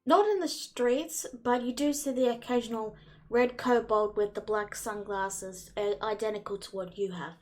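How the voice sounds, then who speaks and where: A woman's voice: fairly high pitch, normal speed, darkish tone, soft background music. A woman running a tabletop game as game master, narrating casually over a voice call. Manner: casual, descriptive, with fillers.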